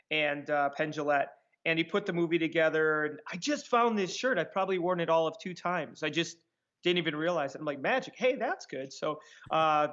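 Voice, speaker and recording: Chatty man with lo-fi sound. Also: on the high side. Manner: sarcastic, animated anecdotes with fillers. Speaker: magician guest. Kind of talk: casual interview storytelling.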